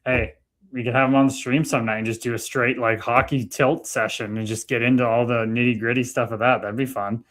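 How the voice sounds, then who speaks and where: Canadian guy co-hosting a stream, easygoing, reading chat out loud, middle pitch. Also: brisk. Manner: relaxed, chatty, reads chat aloud. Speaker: co-host. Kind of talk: casual live-stream chat.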